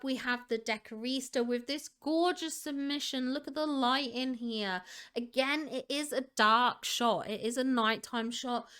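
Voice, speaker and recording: A woman's voice: fairly high pitch, bright, forceful tone, clear, resonant tone. A woman hosting a gaming channel, gushing in casual commentary over fan screenshots with a lot of "like" fillers. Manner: gushing, enthusiastic, leans on filler "like".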